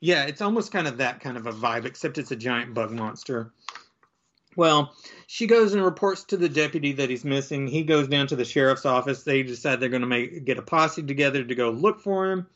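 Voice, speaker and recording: A man chatting casually as he recaps a comic book, rambling with lots of fillers and slipping into quick character voices. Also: medium pitch, a bit bright, lo-fi sound. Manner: rambling, filler-heavy, acts out quoted lines in different voices.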